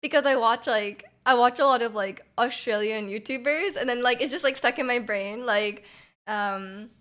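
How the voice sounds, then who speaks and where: A woman's voice: on the high side, moderate pace, a bit bright. A young woman livestreamer in casual chat with her viewers, rambling with lots of fillers and giggles.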